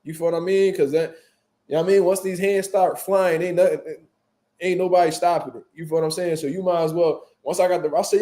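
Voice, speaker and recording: A man telling a story in casual chat, animated and full of profane street slang. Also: high-pitched, brisk, reverberant. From Philadelphia, US. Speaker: boxing show host.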